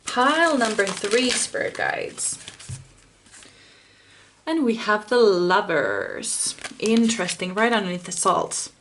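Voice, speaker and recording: A woman's voice: medium pitch, sing-song, a little slow, few pauses, a bit bright, a little hiss or hum. A woman giving a pick-a-card tarot reading, speaking straight to the viewer, blunt and impassioned, swearing freely.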